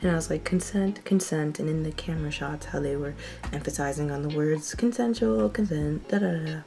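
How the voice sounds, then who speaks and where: A young woman giving casual, expressive commentary on a TV episode, sighing and laughing often. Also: sits low, a little fast, gravelly. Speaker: TV reaction vlogger.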